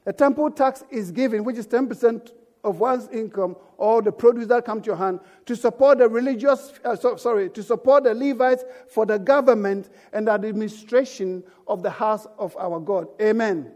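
A man's voice: high-pitched, moderate pace, darkish tone. A man preaching a sermon as pastor, emphatic and calling out for amens from the congregation. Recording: echoey church hall.

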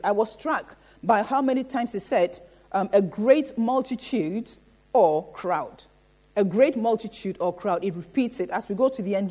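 A woman preaching a sermon in a church, often pausing to ask the congregation "Amen?" and building her points through repetition. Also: mid-range voice, darkish tone. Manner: rhetorical, repeats "Amen?" to the congregation.

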